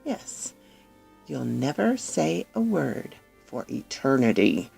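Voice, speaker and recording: A woman voicing a menacing nobleman who murders his wives, speaking in a deep, hoarse voice with slow, threatening delivery. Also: animated, a little mellow, faint music behind, heavily acted. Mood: cold. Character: menacing nobleman wife-killer, cold and threatening. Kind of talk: storybook narration with acted voices.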